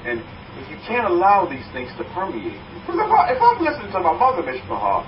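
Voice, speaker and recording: A man giving a sermon full of personal stories, talking in an animated way and acting out conversations with repetitions. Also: high-pitched, a little fast. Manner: animated, repeats himself, acts out conversations. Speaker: teacher addressing a congregation. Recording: distant, dull room recording with faint hiss.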